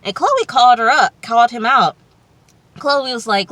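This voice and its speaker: Chatty woman vlogger, bright slangy voice. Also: on the high side, expressive, normal speed, dry recording. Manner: slangy and loose, swears freely, chatty asides. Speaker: TV recap vlogger. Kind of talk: casual episode recap.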